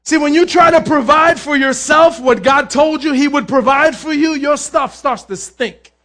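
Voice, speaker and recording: A male pastor preaching a lively sermon in a church, with a very high, bright-toned voice. He jokes with the congregation, acts out biblical figures, and drops in Spanish phrases. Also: normal speed.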